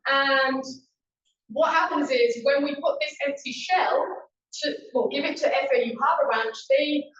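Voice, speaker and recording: A woman's voice: sits high, a little slow, a bit bright. A woman giving a casual, upbeat presentation to a meeting audience, chatting and quizzing them as she goes. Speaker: guest presenter. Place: meeting room. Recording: echoey room, far-off dull mic.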